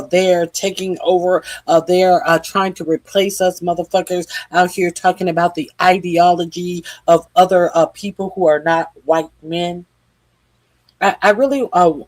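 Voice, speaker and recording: Halting, sarcastic male commentator. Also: high-pitched, dry recording. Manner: halting, filler-heavy, sarcastic. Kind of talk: critical commentary.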